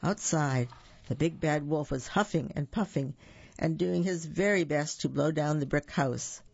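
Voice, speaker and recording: A storyteller reading a fairy tale aloud in a lively, playful way. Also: mid-range voice, measured pace, vocal fry, husky, dull audio.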